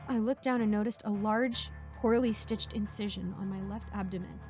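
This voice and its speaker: A woman's voice: medium pitch, fairly even intonation, moderate pace, hardly any pauses, a little mellow. A woman narrating a creepy first-person horror story in a tense storytelling manner. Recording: music bed under voice.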